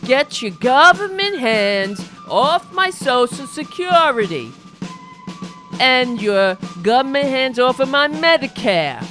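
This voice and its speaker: A blustering, flag-waving patriot man with a put-on New York accent, as a woman puts him on, bellowing slogans in a satire rant. He sounds high for a man, and he talks slowly, leaning on each word. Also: sing-song, a bit bright, faint music behind, exaggerated voice. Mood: indignant. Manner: bombastic, declaiming slogans.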